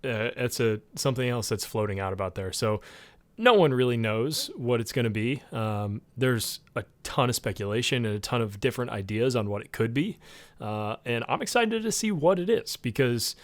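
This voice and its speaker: A man co-hosting a casual gaming podcast, talking in a rambling way with lots of fillers and getting excited about the game. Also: medium pitch, moderate pace, no room sound. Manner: rambling, with many fillers and restarts. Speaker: podcast co-host.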